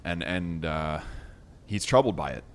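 Very deep voiced guy chatting about a book, lively, faint hiss behind. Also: a little slow. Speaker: book discussion co-host. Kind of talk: casual book chat.

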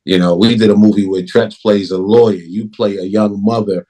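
Low-voiced, emphatic male film director. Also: moderate pace. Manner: emphatic, animated storyteller. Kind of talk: casual interview talk.

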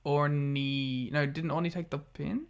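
A man's voice: on the high side, steady tone, unhurried. Joking, swearing podcast man. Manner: joking, laughs often, swears. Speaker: podcast co-host. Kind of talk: casual wrestling recap chat.

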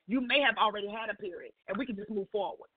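A woman guest on a call-in radio show, telling a personal testimony in a lively storytelling way and acting out the dialogue. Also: mid-range voice, quick pace, slightly rough, dry recording. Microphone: phone. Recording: tinny phone line.

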